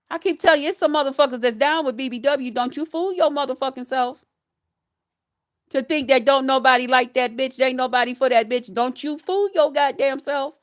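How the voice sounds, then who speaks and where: A retired nurse in her fifties rants on her YouTube vlog in a high voice. She's blunt and profane, chanting repeated phrases.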